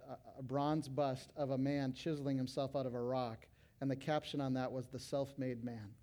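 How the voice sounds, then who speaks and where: A middle-aged male pastor preaching to fellow pastors, animated, breaking into loud acted quotes. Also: medium pitch. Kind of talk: sermon to pastors.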